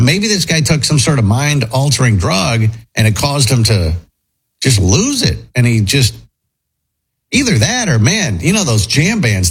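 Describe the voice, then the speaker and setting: A man's voice: medium pitch, husky, poor audio. A man hosting a morning radio show, talking casually in a rambling, speculative way. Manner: rambling, speculative, animated storytelling.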